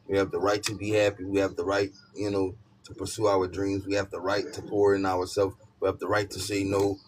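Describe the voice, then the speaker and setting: A man's voice: low voice, a little fast, hardly any pauses. A man giving a casual tarot reading, talking emphatically and repeating his points with many "you know what I'm saying" asides. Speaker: tarot reader. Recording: steady background noise with birdsong.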